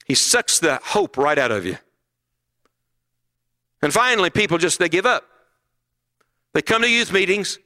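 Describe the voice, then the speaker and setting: A man's voice: high-pitched, very animated, a little slow, long pauses, sharp tone. A middle-aged man preaching a sermon at a conference, emphatic and full of rhetorical questions.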